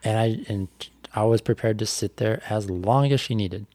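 A man's voice: lowish voice, normal speed, warm tone, no echo. A man, a bike racer, telling a personal story on a podcast in a candid, reflective way with lots of fillers. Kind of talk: casual podcast conversation.

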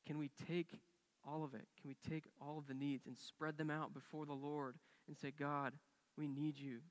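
A man's voice: fairly high pitch, little pitch movement, normal speed, big-room sound. A man preaching a sermon as a pastor, telling a story earnestly and acting out the quoted dialogue with rising and falling intensity. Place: church sanctuary.

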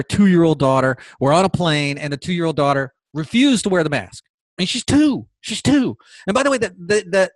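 Animated sarcastic American man, high voice. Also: no room sound. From United States. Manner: animated, sarcastic, repeats phrases for emphasis. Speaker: podcast host. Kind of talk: opinion podcast monologue.

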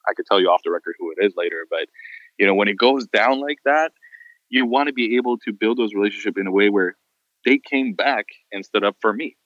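Fast-talking low-voiced man telling stories. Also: no echo, lo-fi sound. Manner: animated storyteller, acts out quotes. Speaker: photographer. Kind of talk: casual podcast storytelling.

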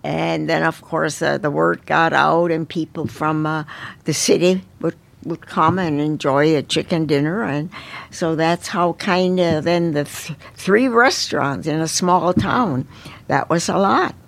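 An older woman, a restaurant owner, talking as an interview guest and recalling the past in an unhurried way, often restarting her sentences. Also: deep voice, creaky. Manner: unhurried storytelling with frequent restarts. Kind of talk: casual interview reminiscence.

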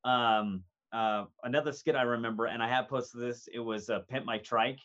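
A man in casual chat, halting with fillers and restarts, laughing often. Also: medium pitch, fairly even intonation, a bit bright, highs cut off.

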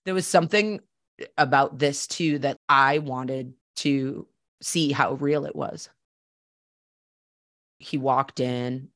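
A woman's voice: a bass voice, takes it slowly, long pauses, fairly bright tone, dry recording. Boston woman chatting about her life, candid, plays out the convos, dry close sound. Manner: candid, chatty, acts out quoted dialogue. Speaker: podcast host. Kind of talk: personal storytelling.

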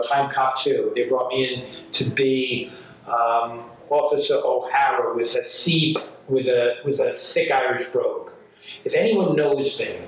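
A man's voice: medium pitch, distant mic. A man from New York, a working actor, chatting casually and telling stories full of acted-out quotes. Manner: rambling, animated storyteller, acts out quotes. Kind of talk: casual conversation. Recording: echoey room from off mic, faint ambience.

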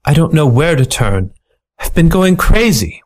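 A man's voice: on the high side, very animated, measured pace, darkish tone, voice pushed up. A man voicing a glamorous female mink widow, a femme fatale with a dramatic, distressed manner.

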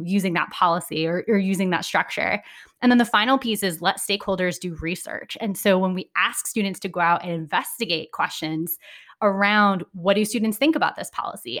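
A woman speaking as an interview guest, explaining her ideas in a clear, lively, conversational way with occasional restarts. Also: medium pitch. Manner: articulate, lively, thinks aloud with restarts. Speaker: education consultant guest.

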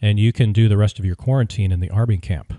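A man's voice: on the low side, fairly even intonation, quick pace, dark tone, no room sound, natural voice. A man voicing a curt male hotel officer who warns a guest in a stern, bureaucratic way. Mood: threatening.

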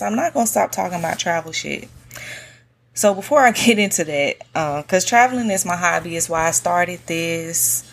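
A woman hosting a solo podcast in a soft, monotone voice, chatting casually with slang and lots of fillers. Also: fairly low pitch, normal speed, vocal fry. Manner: relaxed, slangy, many fillers. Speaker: podcast host. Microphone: podcast mic on a stand.

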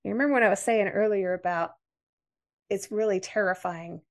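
Speaking in a mid-range voice, this American woman is a podcast guest recounting a personal story during an interview. Her delivery is earnest and measured.

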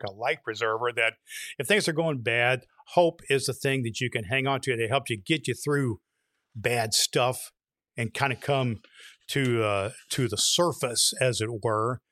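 A man co-hosting a talk show, telling a long joke in a folksy, drawn-out way, now and then shouting the punchlines. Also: medium pitch, no echo, clean studio sound. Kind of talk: casual storytelling.

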